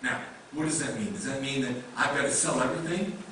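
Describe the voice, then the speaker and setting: A man's voice: medium pitch, quick pace, fairly bright tone, slight background noise. A male pastor preaching a sermon in a conversational way, with many rhetorical questions. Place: church sanctuary. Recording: echoey room mic from a distance.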